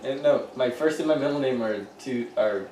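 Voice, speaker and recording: A man's voice: medium pitch, normal speed, mellow, far from the mic. Middle-aged male co-host, rambling jokey chat; roomy off-mic sound with light noise. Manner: joking, rambling, laughs often. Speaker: podcast co-host. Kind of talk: casual chat.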